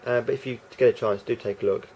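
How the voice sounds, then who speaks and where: A man's voice: medium pitch, fairly even intonation, quick pace, a little mellow, a little hiss or hum. A man rambling through a casual vlog monologue, hesitant and full of restarts and fillers. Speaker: vlogger.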